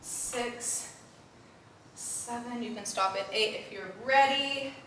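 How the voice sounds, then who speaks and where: A young woman, a postpartum fitness instructor, leads a live workout, cueing breaths and reps while slightly winded and often asking "okay?" in a coaching way. Her voice is mid-range and fairly bright, at a normal speed. The room is very echoey, the mic sits at a distance, and there's slight background noise.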